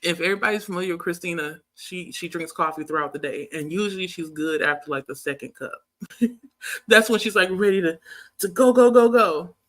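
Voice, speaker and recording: A woman's voice: lowish voice, brisk, fairly bright tone. A woman hosting a casual livestream, chatting to viewers and reading their comments aloud, laughing often as she talks. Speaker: livestream host.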